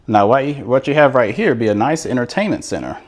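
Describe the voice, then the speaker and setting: Enthusiastic male home-tour host, lively up-and-down delivery, casual and chatty. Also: medium pitch, fast talker. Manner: enthusiastic, chatty, repeats words. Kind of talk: casual walkthrough narration. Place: inside a manufactured home show model.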